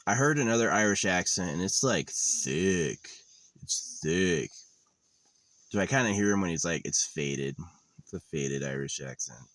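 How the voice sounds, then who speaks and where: A van-dwelling man in his thirties rambles through a sardonic vlog, swearing casually as he goes. He talks fast in a low, expressive voice with a fairly bright tone, and there is no room sound.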